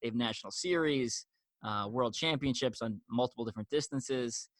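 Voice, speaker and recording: A man hosting a podcast, introducing his guests in a relaxed, chatty way with frequent fillers. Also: medium pitch, moderate pace, dry recording. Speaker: podcast host.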